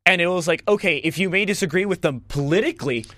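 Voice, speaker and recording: A young man from Washington, D.C., co-hosting a casual political chat, talking quickly with lots of "like" fillers. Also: sits high, no echo, studio quality. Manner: quick, animated, full of "like" fillers. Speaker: podcast co-host.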